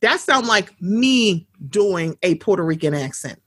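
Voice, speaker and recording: A woman co-hosting a casual chat show, talking bluntly with plenty of swearing and animated storytelling. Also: medium pitch, unhurried, breathy edge. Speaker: podcast co-host.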